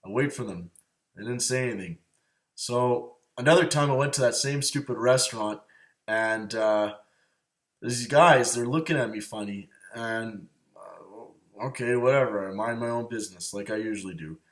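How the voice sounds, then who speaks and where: A show host with a medium-pitched, slightly bright voice speaks at a moderate pace. He rambles through an agitated personal rant about his grudges, swearing constantly and repeating himself.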